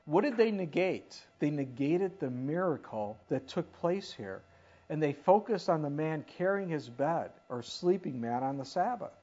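A preacher giving a sermon in an animated way, often putting questions to the listeners. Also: medium pitch, measured pace. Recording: dull lo-fi recording.

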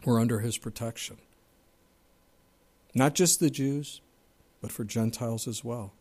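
Male pastor, sermon delivery, emphatic, mid-range voice, loud and hushed in turns. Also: mid-range voice, unhurried, breathy edge. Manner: emphatic, rhetorical questions, swings between loud and hushed.

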